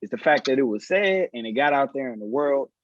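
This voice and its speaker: Podcast host guy asking questions, pretty measured, dull dry sound. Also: medium pitch, animated, no echo. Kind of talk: casual podcast discussion.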